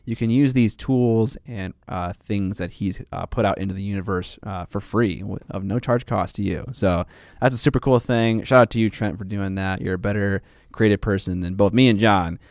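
A man's voice: on the low side, normal speed, no room sound, clean studio sound. A man co-hosting a podcast in casual chat, rambling and jokey, with lots of fillers. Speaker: podcast co-host.

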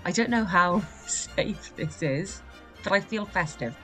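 A woman co-hosting a podcast from a hotel room, giggly and wry, talking in quick bursts. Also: on the low side, lively intonation, sharp tone, faint music behind. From Wales. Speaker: podcast co-host. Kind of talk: casual chat.

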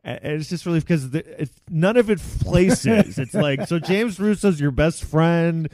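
Casting: chatty male podcast host, lively pitch, rambling storyteller. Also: a little slow, a little hiss or hum. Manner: rambling, animated storytelling with quoted voices. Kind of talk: casual chat.

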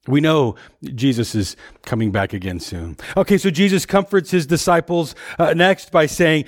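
A man's voice: a little high, lively intonation, normal speed, few pauses. A man preaching a sermon in a conversational way, often repeating words as he thinks aloud.

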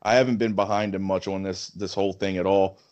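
A man's voice: low-pitched, little pitch movement, brisk, darkish tone, muffled recording. A man co-hosting a chat show, talking casually and hesitantly with many ums and stammered restarts. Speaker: podcast co-host.

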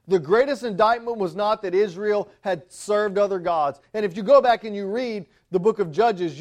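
A man with a high voice preaches a sermon with fervent emphasis. He restarts phrases and climbs to impassioned peaks. Middle-aged pastor. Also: a little mellow.

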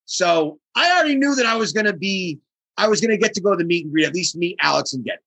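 A man with a bright, somewhat husky voice tells a story in a casual interview. He speaks with lively energy and acts out the other people in it. The sound is dry and close. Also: high voice, quick pace, dry recording, rough recording. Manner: animated storyteller acting out quoted voices. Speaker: guest drummer.

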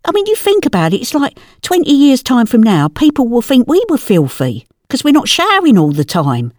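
A woman's voice: high-pitched, huge pitch swings, fairly quick, a little mellow, no room sound, clean studio sound. A woman playing a nosy, celebrity-obsessed older mum, talking in a brassy, defensive way in a scripted comedy sketch. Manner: brassy, defensive, casual slang. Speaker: comedy podcast character.

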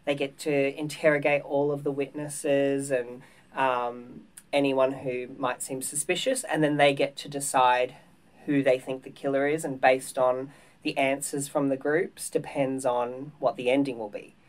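An Australian woman with a notably low voice talks up her productions in an interview. She speaks in an upbeat, clear and promotional way and spells things out carefully. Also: little pitch movement, unhurried. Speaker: guest, theatre producer. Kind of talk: casual interview chat.

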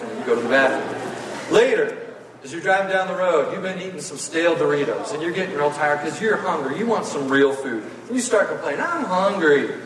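Folksy preacher in an echoing hall. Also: male voice, fairly high pitch, distant mic, a little hiss or hum. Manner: folksy, animated, playful. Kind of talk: sermon storytelling. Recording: echoey hall, voice from afar.

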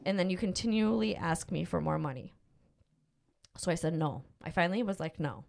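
A woman's voice: on the low side, animated, brisk, vocal fry, darkish tone. A middle-aged woman hosting a podcast, telling a personal story in a rambling, emotional way with lots of fillers. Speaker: podcast host. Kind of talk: casual storytelling chat.

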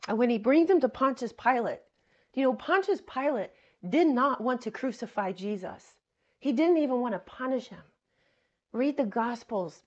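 A woman's voice: fairly high pitch, muffled recording. A woman preaching a sermon, reading scripture aloud and explaining it earnestly, repeating key phrases and addressing her listeners as friends.

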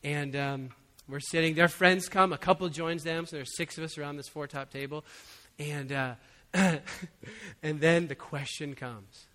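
Bright-voiced pastor in a reverberant hall. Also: male voice, fairly high pitch, measured pace. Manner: conversational, chuckling, frequent "you know". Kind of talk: sermon with personal story.

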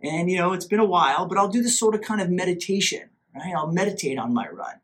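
Man, podcast host, high-pitched voice, casual storytelling, self-mocking, animated. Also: quick pace. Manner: animated, self-mocking, acts out his own inner voice.

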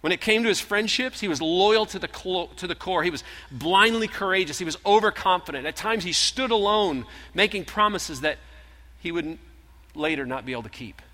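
A man preaching with a bright, tense, slightly high voice. He tells the story earnestly, leaning in and then dropping to a hush, and a long reverb trails each phrase in the hall. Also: animated, brisk. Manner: earnest storytelling preacher, shifting from emphatic to hushed. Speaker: pastor. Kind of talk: sermon.

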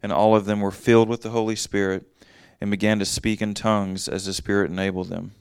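A man with a low, resonant voice leads a casual Bible teaching. He reads a passage, then explains it in plain everyday words. The sound is dry and close, with almost no room around it. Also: little pitch movement, fairly quick, clean tone, no echo. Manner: conversational, reads verses then explains them in plain talk.

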